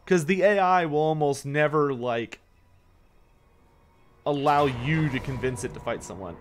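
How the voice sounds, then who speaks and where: This streamer's voice sits a touch high and is expressive and unhurried, with frequent pauses. Tired and yawning, he chats casually through his strategy game, takes questions from chat, and curses when irritated.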